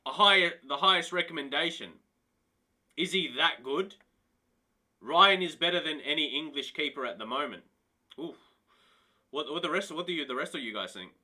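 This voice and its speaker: A man live-streaming a football management game, chatting to his viewers and exclaiming in disbelief. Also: on the high side. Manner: excitable, talks to chat, laughs and exclaims in disbelief. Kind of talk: casual live-stream commentary.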